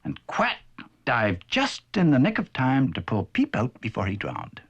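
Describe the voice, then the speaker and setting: Playful male storybook narrator for a vintage cartoon; husky, highly animated. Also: measured pace, highs cut off, faint music behind.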